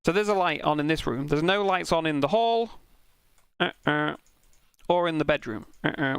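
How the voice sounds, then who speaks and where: A young man tells a long, animated story between laps, swearing and poking fun at himself. His voice sits a little high and has a gravelly edge. The sound is dry and close, with no room around it. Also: fairly quick, dry recording. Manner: animated, swearing, self-mocking anecdote with laughs. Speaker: sim racing streamer. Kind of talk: casual storytelling while streaming.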